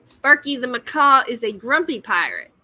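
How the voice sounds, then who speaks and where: A woman's voice: high voice, sing-song, normal speed, bright, forceful tone, no room sound, rough recording. A woman, hosting a casual livestream chat while crocheting, giggly and self-deprecating. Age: 50s. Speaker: livestream host.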